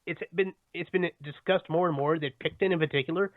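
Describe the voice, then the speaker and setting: A man's voice: fairly high pitch, steady tone, fairly quick, no echo. A man co-hosting a casual podcast from home, rambling and cutting himself off, with frequent chuckles. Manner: rambling, self-interrupting, chuckling. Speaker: podcast co-host. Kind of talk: casual chat. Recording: tinny phone-like dry sound.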